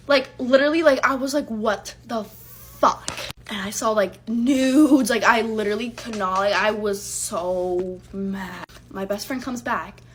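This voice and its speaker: A woman's voice: medium pitch, a little slow, slight background noise. A young adult woman telling a casual storytime, heated and profane, acting out what she said back then. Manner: heated, profane and emphatic, acting out her own lines.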